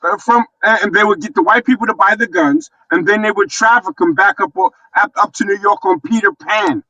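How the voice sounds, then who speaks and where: A man's voice: sits high, a little fast, sharp tone, no room sound, lo-fi sound. A man hosting a live stream debate, who talks in a blunt, provocative and dismissive way. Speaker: stream host.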